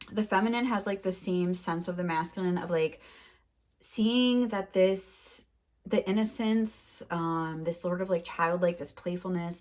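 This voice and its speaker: A young woman giving a casual tarot reading, rambling and filling her talk with "like", a little out of breath. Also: lowish voice. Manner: rambling, heavy use of "like". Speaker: tarot reader.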